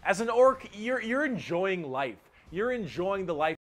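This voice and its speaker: A man giving a comedic, animated lore explanation, joking and swearing casually. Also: high voice, unhurried.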